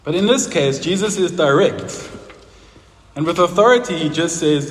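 Man, pastor, preaching a sermon, high pitch, echoey church hall. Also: expressive, normal speed. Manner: conversational, asks the congregation questions, laughs at own stories. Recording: roomy hall with long reverb, faint noise.

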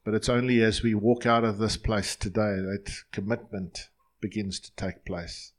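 A man's voice: fairly low pitch, little pitch movement, normal speed. A male pastor leading his congregation in an earnest, line-by-line prayer during a sermon in a church.

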